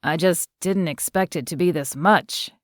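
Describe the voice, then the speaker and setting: Shy awkward young man, hesitant and quiet, read by a woman in a slightly lower voice, dry sound. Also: measured pace, dry recording, close to an everyday voice.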